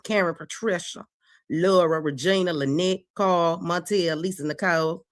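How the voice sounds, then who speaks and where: A woman's voice: on the low side, steady tone, moderate pace, no room sound. Middle-aged Southern woman, livestream host, brash and profane, dry close sound, greets viewers one by one. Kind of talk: casual livestream chat. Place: porch.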